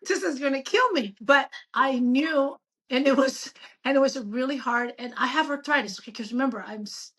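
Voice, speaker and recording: A woman in her fifties, a doctor chatting as a guest in an interview, telling stories in an animated, emphatic way. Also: high voice, moderate pace. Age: 50s. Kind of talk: casual interview chat.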